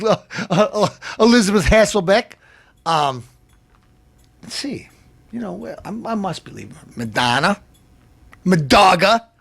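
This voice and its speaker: A man's voice: on the high side, vocal fry, dry recording. A man hosting a TV comedy show, delivering a brash, mocking insult rant and laughing at his own jokes. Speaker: TV show host.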